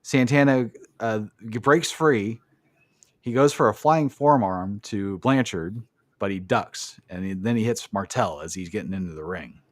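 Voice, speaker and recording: A man's voice: fairly low pitch, measured pace, dry recording, clean studio sound. A man hosting a podcast, recapping a wrestling match in casual chat and swearing freely. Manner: swears freely, blunt opinions. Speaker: podcast host.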